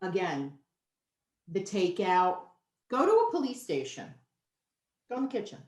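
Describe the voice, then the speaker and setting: Woman, 50s, nutritionist guest, emphatic, candid, middle pitch, echoey room. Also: huge pitch swings, a little slow. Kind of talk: casual interview chat. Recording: roomy echo.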